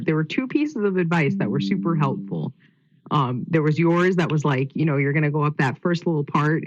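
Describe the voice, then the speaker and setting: A man telling a race story in a casual interview, rambling with lots of fillers. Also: on the high side. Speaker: guest runner. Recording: dull lo-fi sound.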